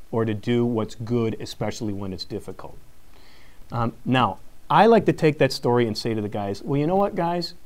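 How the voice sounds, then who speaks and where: A man giving a live talk to an audience, a teacher telling a story with plenty of energy. He acts out the voices in his story and laughs often. His voice sits at an ordinary middle pitch. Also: darkish tone. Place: live conference session.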